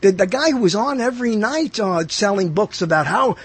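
A man's voice: high voice, animated, brisk. A man hosting a casual comedy podcast, rambling and joking, slipping into mock announcer bits. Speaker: podcast host.

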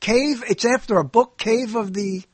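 A man's voice: high-pitched, measured pace, slightly rough, no room sound. A man hosting a casual chat, joking, repeating words and jumping in with questions.

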